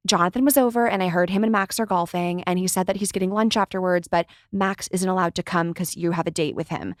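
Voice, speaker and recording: A woman's voice: fairly low pitch, fairly even intonation, fast talker, no echo, clean studio sound. A woman in her twenties hosting a podcast, chatting casually, laughing often and acting out what others said. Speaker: podcast host. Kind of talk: casual interview chat.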